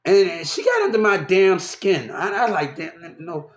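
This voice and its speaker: A young man with a high-sitting voice, speaking a little slowly, rambles animatedly through a personal story. He repeats himself and restarts often, and the recording has a roomy echo.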